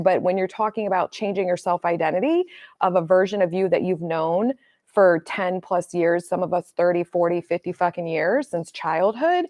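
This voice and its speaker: A woman's voice: fairly low pitch, normal speed, no echo. Blunt, swearing woman coach, dry sound. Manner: blunt, swears freely, animated storytelling. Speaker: manifestation coach. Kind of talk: casual livestream talk.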